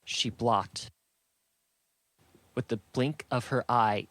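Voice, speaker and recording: Steady and measured, a man tells the story of a fantasy audiobook in a mid-range voice, recorded without any room sound.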